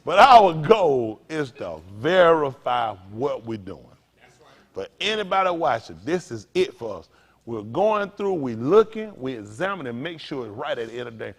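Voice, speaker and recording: Man, pastor, informal sermon, slangy, lively swooping pitch. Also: normal speed. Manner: animated, slangy, laughs through a funny story. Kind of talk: informal sermon teaching with storytelling.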